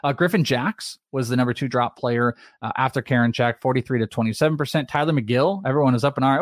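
A man in his thirties talking fantasy baseball in a loose, chatty way, firing off lists of player names and percentages. His voice sits at an ordinary middle pitch. The sound is dry and close, with no room around it. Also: fast, few pauses, no echo. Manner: chatty, rattles off names and stats. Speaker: podcast co-host. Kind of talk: casual fantasy baseball chat.

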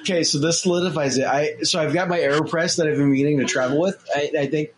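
A man co-hosting a podcast in casual chat, relaxed and jokey. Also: on the high side, fast talker. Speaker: podcast co-host.

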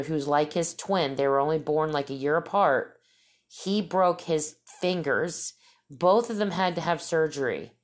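A middle-aged woman with a notably low-pitched voice chats to her viewers. Her storytelling is loose and rambling, full of emphatic repeats and false starts. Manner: rambling, emphatic, with many restarts. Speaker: vlogger.

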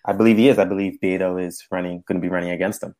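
A man's voice: sits low, steady tone, racing, a little mellow. A man running for local office, talking earnestly and hopefully as a stream guest, dropping "right" and "like". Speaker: political candidate guest. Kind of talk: casual interview talk.

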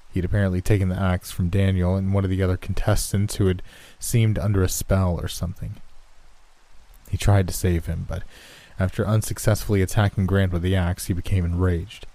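A man with a low, dark and mellow voice narrates a horror story in a measured, steady way. Rain and thunder roll behind him.

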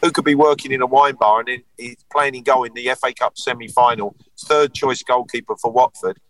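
A man's voice: mid-range voice, steady tone, a little fast, fairly bright tone, no room sound, distant mic, poor audio. A man in his sixties, a former footballer, reminiscing earnestly in a casual podcast chat. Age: 60s.

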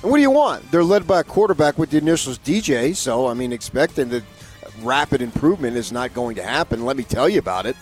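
A man co-hosting a sports radio show who cracks jokes and boasts playfully, his pitch swinging up and down a lot as he talks. A faint music bed plays underneath. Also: very animated, quick pace. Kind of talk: casual sports radio banter.

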